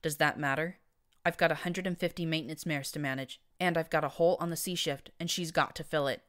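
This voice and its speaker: A woman's voice: low voice, fairly quick, a bit bright. A woman voicing an older gray mare who runs maintenance, dry and blunt in speech. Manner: dry, blunt, matter-of-fact.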